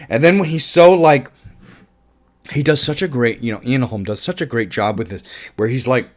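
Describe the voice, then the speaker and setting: A man's voice: medium pitch, lively intonation, measured pace, long pauses. A man giving a casual, enthusiastic film review, rambling with restarts, swearing and laughing at his own jokes. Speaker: movie reviewer.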